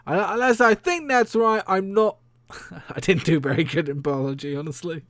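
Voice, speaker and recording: A man talks on his own stream in a loose, rambling way, laughing often and swearing without a second thought. His voice sits a little high for a man. The sound is dry and close. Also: moderate pace, fairly bright tone, no echo. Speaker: streamer and podcast host. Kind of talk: casual solo stream talk.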